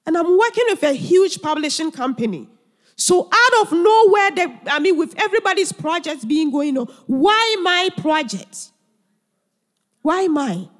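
A woman's voice: extremely high pitch, sing-song, a little slow. A woman preacher delivering an earnest sermon full of emphatic rhetorical questions, heard in a church hall. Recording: long church hall reverb.

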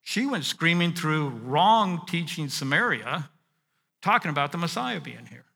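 A male pastor preaching a sermon, reading and unpacking scripture, dropping to a hush and then rising to emphatic points. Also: on the high side, a little slow, gravelly, long reverb tail. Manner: expressive, swinging from hushed to emphatic.

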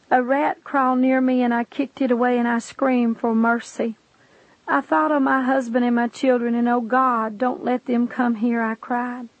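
A woman's voice: on the high side, creaky, no room sound. A woman narrating a dramatic first-person testimony, speaking with passion and addressing the listener directly. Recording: dull lo-fi dry recording.

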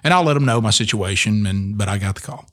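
A middle-aged man with a fairly low voice tells a personal testimony on a podcast. He speaks earnestly and often restarts his sentences as he goes. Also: animated, fast, fairly bright tone. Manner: earnest storytelling with many restarts. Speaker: radio host and speaker.

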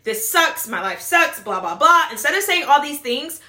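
A woman with a high, bright voice talks straight to the camera, handing out practical advice to fellow moms. She keeps it chatty, tossing in "right?" and mimicking how people talk as she goes. The room around her carries a noticeable echo. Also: sing-song, moderate pace. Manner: chatty, repeats "right?" and "blah, blah, blah"; acts out quoted voices. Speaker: mom advice vlogger.

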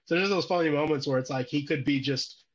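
A man's voice: on the high side, fast. Giggly man, lo-fi audio. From Illinois, United States. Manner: giggly, rambling storyteller. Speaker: streamer guest. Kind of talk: casual chat. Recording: dull lo-fi audio.

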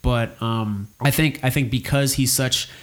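A man's voice: medium pitch, fairly even intonation, unhurried. Opinionated man in casual film talk. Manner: conversational, opinionated, many fillers and restarts. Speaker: podcast co-host discussing a film. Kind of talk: casual discussion.

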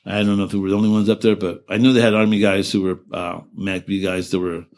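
A man in his seventies being interviewed, recalling events in a halting way with many restarts and self-corrections, earnest and emotional. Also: low voice, flat delivery, darkish tone. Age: 70s. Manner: earnest and emotional while recounting. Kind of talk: oral-history interview recollection.

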